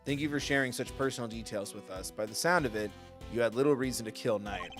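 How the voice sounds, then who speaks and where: A man acting out a composed, dryly formal prosecutor who speaks low and measured, quieter than a normal speaking voice. Faint music runs behind. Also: natural voice. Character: cool, composed male prosecutor, dry and formal.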